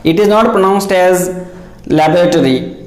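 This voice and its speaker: A man teaching pronunciation, spelling words out letter by letter in a deliberate way. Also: sits high, a little mellow. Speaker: English teacher. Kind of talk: pronunciation lesson. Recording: echoey room.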